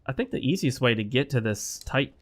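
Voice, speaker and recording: Male gaming host at home, a little sick, rambling and opinionated, mid-pitched voice. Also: expressive, fairly quick. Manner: rambling, opinionated, talks straight to viewers. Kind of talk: casual gameplay commentary.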